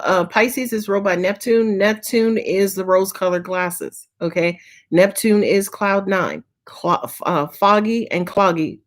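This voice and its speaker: Slangy, tired tarot reader woman. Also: mid-range voice. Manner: casual, slangy and profane. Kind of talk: live-stream Q&A reading.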